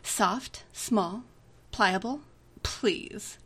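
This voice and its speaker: A woman's voice: mid-range voice, very slow, fairly bright tone, slightly rough, heavily acted. A woman reading the part of an imperious female demon who mocks and gives cool, haughty commands. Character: imperious, self-possessed female demon, adult, mocking.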